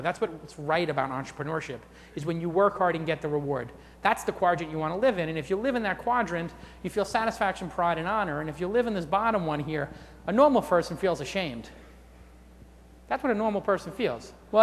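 A middle-aged man gives a conference keynote from the stage, blunt and irreverent with sarcastic asides. His voice sits a little high for a man. The sound rings with the long reverb of a big convention hall. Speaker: keynote speaker.

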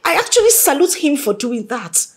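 A woman's voice: high-pitched, very animated, a little fast. A woman playing an emotional young Nigerian daughter. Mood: arguing. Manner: emotional, pleading. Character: young woman pleading for her lover. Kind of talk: Nollywood drama acting.

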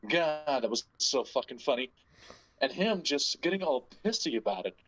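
A man's voice: medium pitch, very animated, moderate pace, a bit bright, a little hiss or hum, poor audio. A man hosting a podcast, rambling and joking crudely in casual banter. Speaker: podcast host.

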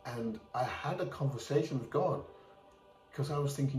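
A man's voice: mid-range voice, normal speed, a little mellow. A middle-aged man from England giving a candid, plain-spoken personal testimony in a church. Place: church hall. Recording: roomy church hall from a distant mic, faint music.

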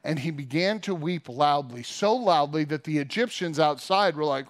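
A man's voice: fairly high pitch, expressive, moderate pace. A man in his forties, a pastor giving a sermon in a casual, storytelling way, with fillers and asides. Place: church.

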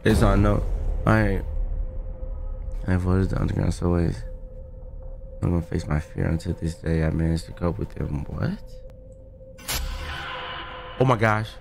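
A man hosting a gaming video, giving casual, slangy let's-play commentary and yelling in fright. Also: sits low, unhurried, vocal fry, long pauses, music in the background. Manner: excitable, yells in fright, slangy.

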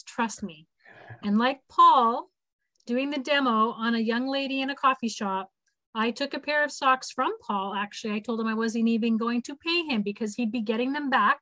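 A woman's voice: fairly high pitch, a bit bright, dry recording, rough recording. A woman in her fifties hosting an online information session, telling a personal story in an earnest, heartfelt way and acting out the lines of the people she quotes. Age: 50s. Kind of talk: casual storytelling. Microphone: video call.

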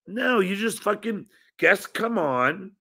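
A middle-aged man hosting a podcast, profane and combative as he rants about a rival. His voice is gravelly and bright, and his pitch swings widely. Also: animated, takes it slowly. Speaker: podcast host. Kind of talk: casual podcast chat.

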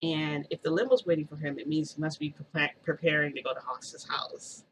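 A woman's voice: low voice, steady tone, a little fast, a bit bright, slight background noise, rough recording. A woman vlogger telling a story in a rambling, casual way, full of "like" and restarts.

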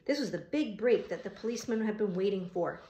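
A woman reading a novel aloud as an audiobook narrator, steady and even, fixing small slips as she goes. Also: mid-range voice, brisk. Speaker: audiobook reader. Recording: roomy echo.

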